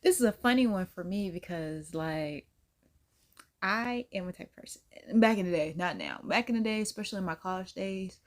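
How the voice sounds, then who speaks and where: A woman's voice: mid-range voice, normal speed. A young adult woman hosting a reaction video, chatting casually in a slangy, laughing storytelling way. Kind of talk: casual chat.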